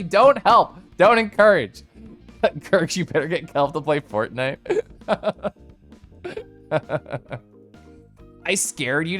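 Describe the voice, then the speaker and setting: A man from Kansas chats casually on his live stream, answering his viewers in a playful, laughing way. His pitch sits in the middle but leaps up and drops low all the time. Soft music plays faintly in the background. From Kansas, United States.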